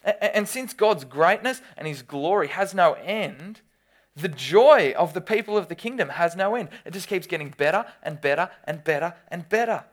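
A preacher, giving a sermon with animated storytelling and quick restarts. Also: mid-range voice.

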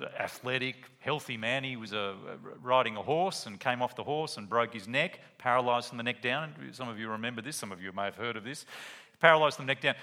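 A man preaching a sermon, walking through a Bible passage and acting out quotes as he tells a story. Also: medium pitch. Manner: animated storytelling with acted-out quotes.

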